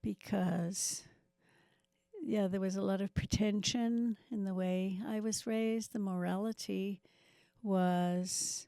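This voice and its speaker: A woman's voice: medium pitch, steady tone, slow pace, vocal fry, dark tone, clean tone, no echo. A woman in her seventies from New Zealand, with a faint New Zealand accent, telling her life story as an interview guest with self-mocking asides. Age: 70s. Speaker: guest missionary. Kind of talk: testimony interview.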